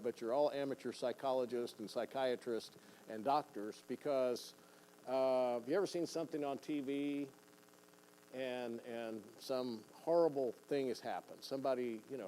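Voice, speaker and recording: Folksy older man preaching, mellow voice. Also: medium pitch, slight background noise, low-quality recording. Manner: folksy, repeats words, acts out quotes. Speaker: pastor teaching a seminar. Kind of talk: conversational sermon. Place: church.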